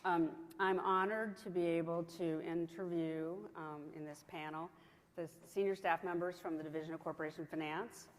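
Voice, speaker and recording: A woman's voice: on the low side, steady tone, normal speed. A woman in her sixties with a faint Southern accent, moderating a conference panel in a chatty way with many fillers and restarts. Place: large conference hall. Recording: hall reverb, faint background noise.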